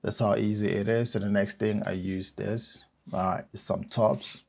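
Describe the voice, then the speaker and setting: A South African music producer gives a relaxed, step-by-step software tutorial on making a track. His voice is fairly low, unhurried, and gravelly.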